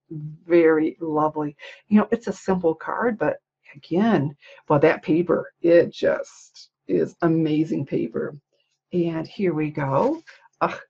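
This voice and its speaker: Gushing, chatty woman with a husky voice. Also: on the low side, darkish tone, muffled recording. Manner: chatty and gushing, lots of exclamations and little laughs. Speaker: stamping demonstrator showing swap cards. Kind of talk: casual livestream show-and-tell.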